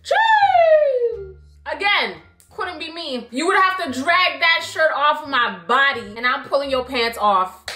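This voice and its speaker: A young woman telling a storytime vlog in a blunt, animated and profane way. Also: sits high, moderate pace, faint music behind. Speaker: YouTube storyteller. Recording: roomy echo.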